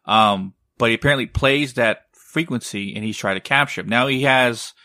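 A man co-hosting a podcast tells a story in a loose, rambling way. He swears freely and keeps tagging his sentences with "right?" His voice is bright and recorded dry and close. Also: mid-range voice, normal speed, no echo. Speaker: podcast co-host. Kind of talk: casual storytelling.

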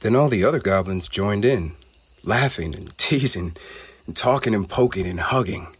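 A man narrating a children's storybook in a gentle, measured way. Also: fairly low pitch, expressive, slightly rough, dry recording.

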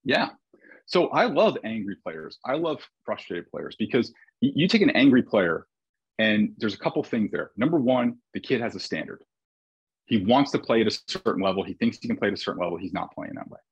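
A man who coaches baseball speaks in a husky, fairly low voice, reflecting as he tells stories and often restarting his sentences. The recording sounds dry and a little dull. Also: big pitch swings, a little fast, dry recording. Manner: reflective storyteller with frequent restarts. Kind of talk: casual conversation.

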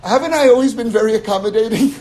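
A man's voice: high voice, quick pace, darkish tone, voice pushed up, close to an everyday voice. A man voicing a talking donkey that reproaches its rider in a storytelling lesson. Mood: reproachful.

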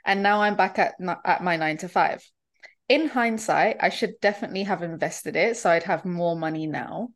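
A young woman co-hosting a casual chat podcast, chatty and quick to laugh, reading listener letters aloud. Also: on the low side. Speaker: podcast co-host.

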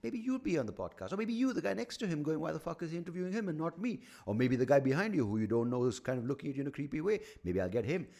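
A man hosting a solo comedy podcast, rambling, swearing and mocking himself as he thinks out loud into a studio mic at home. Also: medium pitch, very animated, racing, few pauses. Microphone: studio microphone.

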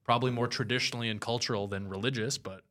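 A man telling stories in a casual comedic chat, lively and swearing, jumping high when he quotes people. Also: very fast. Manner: animated storyteller, swears, jumps high for quoted voices.

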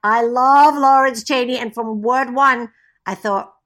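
Woman guest, slightly high voice, gushing and quick to laugh, casual chat. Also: steady tone, a bit bright. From Scotland.

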